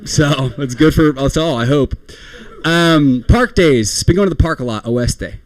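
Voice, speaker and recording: A man's voice: on the high side, animated, a little slow, dry recording. A young man performing a rambling, self-deprecating stand-up comedy set, often laughing at his own jokes.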